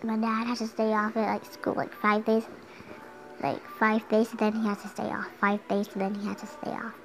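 A woman's voice: medium pitch, monotone, moderate pace, music in the background, low-quality recording. A young girl casually talking through a game at home, chatty and giggly, sometimes humming along. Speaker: gameplay commentator. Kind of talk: casual gameplay commentary. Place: home room.

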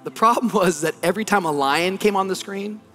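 High-voiced, animated preaching man. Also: a little fast, soft background music. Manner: animated storytelling, building to emphatic preaching. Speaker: pastor. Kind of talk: sermon.

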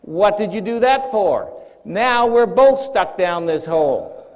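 A man's voice: sits high, animated, takes it slowly. A man voicing a desperate man stuck in a hole who pleads with passers-by for help. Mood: pleading. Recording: dull recording with long hall reverb.

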